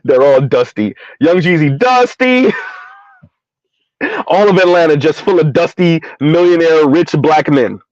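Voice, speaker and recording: High-voiced man, laughing rant. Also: normal speed, hardly any pauses, a little mellow, no room sound. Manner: repeats a punchline word with a high sing-song lift, laughing often. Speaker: commentary vlogger. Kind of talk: casual comedic rant. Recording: dry, dull lo-fi recording.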